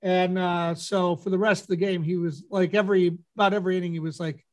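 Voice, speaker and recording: A man hosting a radio talk show, telling a lively anecdote and acting out what people said. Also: sits high, fast talker. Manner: animated anecdote teller, acts out quotes. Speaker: radio host. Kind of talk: casual storytelling on air.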